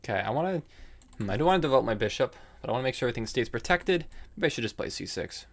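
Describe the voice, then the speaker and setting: A man's voice: mid-range voice, expressive, rapid-fire, vocal fry. A man streaming online chess, chatting casually and thinking aloud about his moves while answering viewers. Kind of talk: casual live-stream game commentary.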